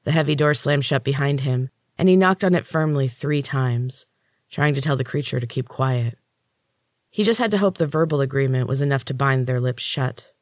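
A man, a podcast host and author, narrating his own dark fantasy story in a measured, even way. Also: medium pitch, no room sound, clean studio sound.

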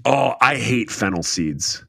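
A man's voice: medium pitch, unhurried, gravelly, slightly rough, no room sound, clean studio sound. A man co-hosting a podcast in casual chat. He jokes around and talks animatedly. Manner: animated, jokey, playful voices when quoting people. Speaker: podcast co-host.

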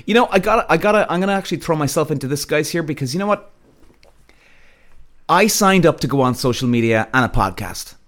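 A man hosting his own podcast, ranting casually and bluntly with lots of swearing. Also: medium pitch. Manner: blunt, heavy swearing, animated. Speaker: podcast host.

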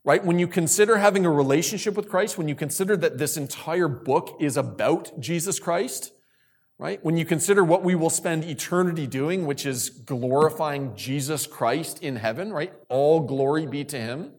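Man, youth sermon, slightly high voice, repeats phrases, questions to the room. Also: normal speed. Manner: asks questions and calls on listeners; repeats key phrases for emphasis. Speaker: youth speaker.

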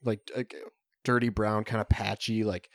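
Rambling low-voiced man, casual chat. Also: level tone, dry recording, studio quality. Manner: rambling, halting, many fillers. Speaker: podcast co-host.

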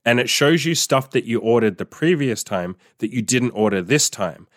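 A man's voice: mid-range voice, expressive, normal speed, a bit bright, dry recording, studio quality. A man hosting a podcast, talking in a blunt, profane casual monologue and laughing often. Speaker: podcast host.

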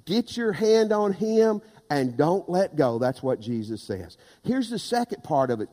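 A high-voiced male pastor delivers a sermon, his voice lifting into loud, impassioned emphasis. The room behind him carries a long reverb, as in a large church sanctuary. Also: very animated, measured pace, hardly any pauses.

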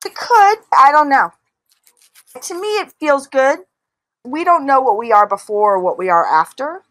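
Animated middle-aged woman in a dry room. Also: high-pitched, normal speed, no echo. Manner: animated, acts out inner voices. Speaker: interview guest, author. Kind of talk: conversational interview.

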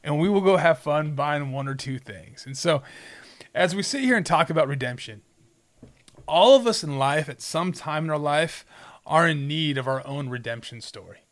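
A man's voice: a little high, normal speed. A man in his forties from Southern California, co-hosting a faith podcast and telling personal stories in a rambling, earnest way. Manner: rambling, earnest storytelling with restarts. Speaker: podcast co-host. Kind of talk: casual faith talk.

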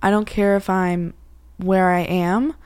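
A woman's voice: mid-range voice, level tone, slow, darkish tone, clear, resonant tone. A young woman co-hosting a casual chat, talking in a rambling way with lots of "like" fillers. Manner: rambling, heavy use of filler "like". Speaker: co-host, daughter.

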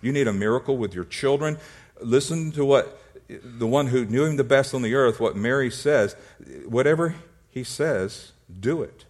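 Male pastor, sermon delivery, playful storyteller, stumbles over words and clears his throat. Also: mid-range voice, normal speed. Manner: humorous storytelling, acts out little scenes; repeats words and restarts when excited.

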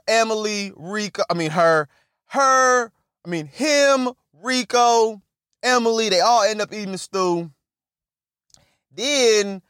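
Young man, profane movie recap rant, high-pitched, loud, animated, dry close sound. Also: smooth, no echo. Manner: loud, animated, profane, talks straight at the characters. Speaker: comedic movie reviewer.

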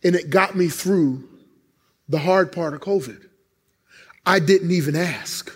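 A high-pitched male pastor preaching in church, acting out God's answers as he tells emotional stories from his own life. His voice rings through a hall with a long, lingering reverb. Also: unhurried, husky. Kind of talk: sermon.

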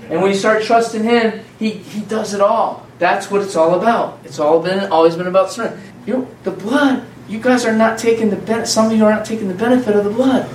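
A man with a high voice preaches an informal sermon, talking the way he would in conversation and circling back over his phrases. He sounds far from the mic in an echoey church room. A faint hum of the room sits behind him. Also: fairly quick, hardly any pauses.

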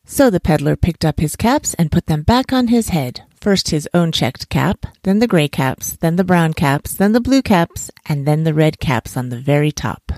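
A woman reading a bedtime story aloud in a gentle, soothing, unhurried way. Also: deep voice, lively intonation, no room sound, studio quality.

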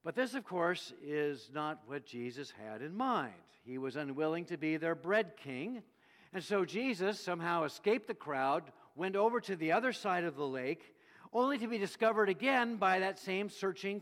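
A man preaching a sermon in a slightly high voice, animated and storytelling, acting out voices as he goes. His words ring out with a long hall reverb, as in a church. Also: moderate pace.

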